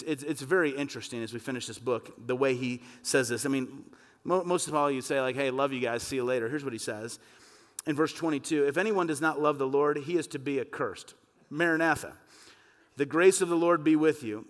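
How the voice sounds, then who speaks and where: A man preaching a sermon as pastor, impassioned and emphatic, rising to forceful peaks. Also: medium pitch. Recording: long reverb of a church hall.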